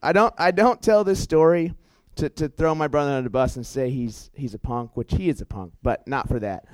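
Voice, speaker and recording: A young man giving a storytelling sermon in an animated, chatty way, full of fillers and self-corrections. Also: medium pitch, fairly quick, no room sound, rough recording. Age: young adult. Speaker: youth preacher.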